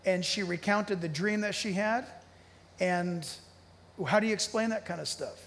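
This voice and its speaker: High-pitched animated male preacher, hall reverb. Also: measured pace, creaky. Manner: animated, emphatic preaching with sudden loud peaks and hushed storytelling. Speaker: pastor. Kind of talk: sermon. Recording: long church hall reverb.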